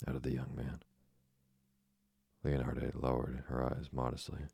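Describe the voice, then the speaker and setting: A man narrating an audiobook in a measured, even manner, with a deep, husky voice. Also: no room sound. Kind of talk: scripted narration.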